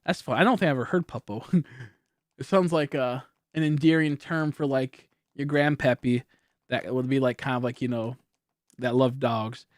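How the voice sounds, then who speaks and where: A man in his late twenties livestreaming from home into a studio mic, chatting loosely and laughing, a little high and slow on the draw. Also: no room sound. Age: late 20s. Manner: rambling, laughing, loose and slowed. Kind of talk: casual livestream chat reading donations. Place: home streaming setup. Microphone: high-end studio microphone.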